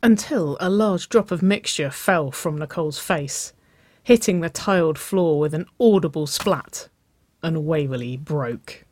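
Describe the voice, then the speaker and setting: A narrator reading a romance story aloud in a soft, even storytelling delivery. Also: mid-range voice, a little slow, no echo. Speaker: audiobook narrator.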